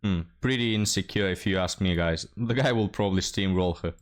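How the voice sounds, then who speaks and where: A man's voice: deep voice, fairly quick. A man hosting a reaction commentary, mocking and scornful, often laughing as he talks. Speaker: commentary host.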